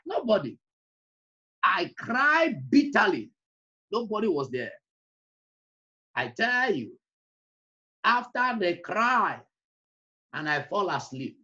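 A man's voice: high-pitched, big pitch swings, slow pace, pauses often, sharp tone, highs cut off. A man preaching an emotional personal testimony, repeating phrases and breaking into song. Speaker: evangelist.

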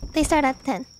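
A woman's voice: sits high, a little mellow, slight background noise. A woman streaming a game in a casual, playful way, chatting with her viewers and breaking into dramatic exclamations. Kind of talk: casual gaming livestream.

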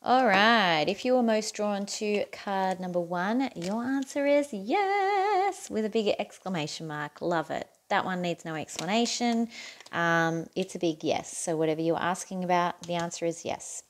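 A woman giving a casual, chatty tarot reading to camera, encouraging and quick to laugh at herself. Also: fairly low pitch. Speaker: tarot reader.

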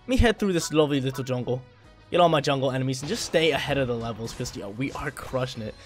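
Male gaming creator, mid pitch, quick trash-talk commentary. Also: lively intonation, soft background music. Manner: hyped, trash-talking, repeats phrases. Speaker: gameplay commentator. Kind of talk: live gameplay commentary.

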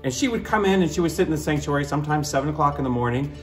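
A man with a slightly high voice tells a fond remembrance of a church member, animated and quick to laugh. Soft music plays behind him. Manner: warm, animated storytelling with laughter. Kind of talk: spoken remembrance.

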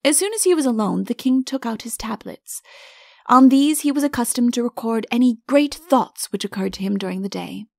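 A woman's voice: on the high side, expressive, brisk, creaky, dry recording, clean studio sound. A woman narrating a storybook audiobook and acting out the characters in turn. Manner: acts out each character. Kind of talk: storybook reading with character voices.

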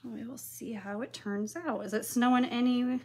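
A woman hosting a live craft-painting tutorial from her home craft room, chatting and greeting viewers by name while she works, now and then clearing her throat. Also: fairly high pitch, fairly even intonation, normal speed, a little mellow.

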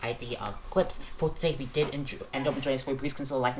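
A woman hosting a reaction video, excitable and casual, swearing freely and tripping over her words. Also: rumbling low, rapid-fire, few pauses, slight background noise.

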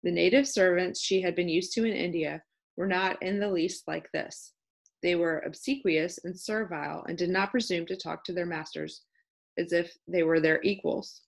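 A woman narrates a classic novel as a volunteer audiobook reader. She reads steadily, and her low voice has a gravelly fry to it. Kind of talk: scripted narration.

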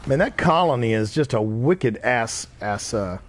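A man's voice: mid-range voice, animated, measured pace, slight background noise. A tired middle-aged man chatting casually while he streams a game, rambling and repeating himself between reactions to the play. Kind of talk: casual gameplay chat.

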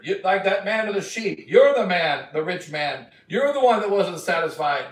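A man preaching a sermon as a bishop, retelling scripture in a slow, emphatic storytelling way. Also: high-pitched, animated. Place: church. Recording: echoey church from a distant mic.

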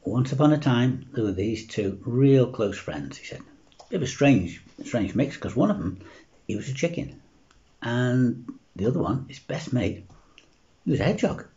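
A man telling a joke story at a church gathering as a lively storyteller. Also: mid-range voice, moderate pace. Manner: lively storyteller, jumps between character voices. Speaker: church speaker. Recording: dull lo-fi recording.

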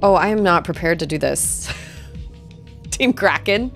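A woman's voice: on the low side, animated, a little slow, gravelly, faint music behind. A young adult woman streaming a video game, chatting casually and reacting with gasps, laughs and squeals. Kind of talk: casual live gameplay commentary.

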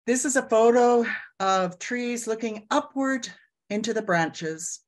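A woman in her sixties from Canada, an elder giving gentle, reflective closing words with guided breathing over a video call. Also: a little high, takes it slowly. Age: 60s.

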